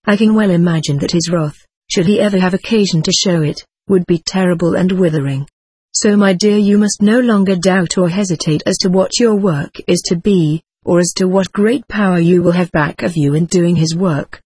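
A reader voicing Helen, a loving female spirit writing to her husband, reading channeled spirit letters aloud in a tender, measured way. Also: medium pitch, a little mellow, slightly rough, no echo, lightly acted.

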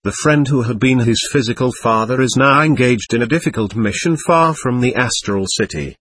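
A man narrating a story in the first person in an earnest, measured way. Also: mid-range voice, a bit bright, no room sound. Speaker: audiobook narrator.

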